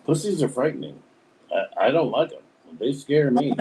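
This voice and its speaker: A man's voice: mid-range voice, lively intonation, moderate pace, a crowd in the background, low-quality recording. A man co-hosting a live stream, teasing the others in blunt, crude banter. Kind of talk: casual banter.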